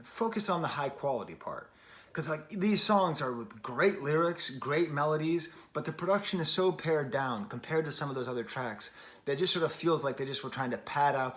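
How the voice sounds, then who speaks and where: A man's voice: mid-range voice, fairly bright tone. A middle-aged man hosting a music review show, talking in a chatty, rambling way with wry asides. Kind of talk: casual spoken review.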